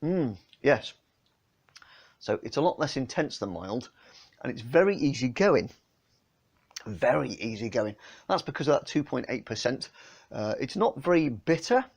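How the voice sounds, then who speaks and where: Chatty English man with a gravelly voice. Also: mid-range voice, sing-song, measured pace, pauses often. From England. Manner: chatty, homely, lots of fillers. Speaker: beer vlogger. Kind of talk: casual beer tasting vlog. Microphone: phone camera.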